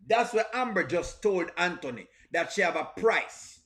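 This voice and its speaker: Animated high-voiced male stream host. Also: normal speed, few pauses. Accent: strong non-standard English accent. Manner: animated, repeats himself, greets chat. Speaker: reaction channel host. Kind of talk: live-stream reaction commentary.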